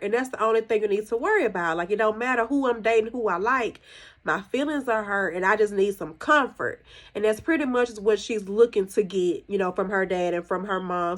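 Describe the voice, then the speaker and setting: Chatty woman podcaster, slightly high voice. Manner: chatty and conversational, recounting scenes with opinions; jumps higher when acting out quoted characters. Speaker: podcast host reviewing a TV episode. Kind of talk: casual solo review chat.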